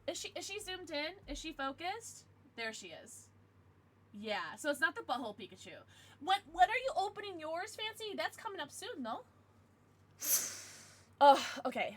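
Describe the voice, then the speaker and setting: A young adult woman streamer chatting casually with her viewers, with excited outbursts. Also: extremely high pitch, measured pace, long pauses. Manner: chatty, answers viewers, bursts of excited squeals. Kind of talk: casual live-stream chat.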